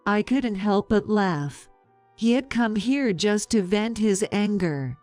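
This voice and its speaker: A woman in her fifties narrating a story in a calm, measured, sarcastic way. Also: mid-range voice, no echo, soft background music.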